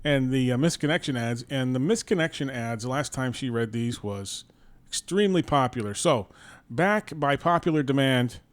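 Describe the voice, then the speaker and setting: A man's voice: mid-range voice, lively intonation, normal speed. A man co-hosting a comedy podcast, teasing and drawling with wry jokes. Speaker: podcast co-host. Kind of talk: casual comedic banter.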